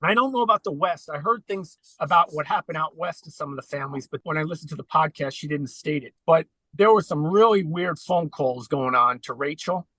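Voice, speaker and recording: Earnest man with a bright voice. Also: fairly high pitch, a little fast, hardly any pauses, no room sound, poor audio. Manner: earnest, recounting at length. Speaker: podcast guest. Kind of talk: conversational interview.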